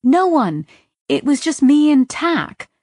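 A woman narrator voicing an artificial girl who answers in a steady, soothing, evasive way. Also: sits high, slow, no echo, clean studio sound, pitched above the performer's own voice, full character voice. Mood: calm reassuring.

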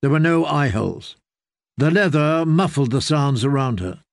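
A man reading fantasy narration for an audiobook in a measured, steady way. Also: medium pitch, creaky, no echo, clean studio sound.

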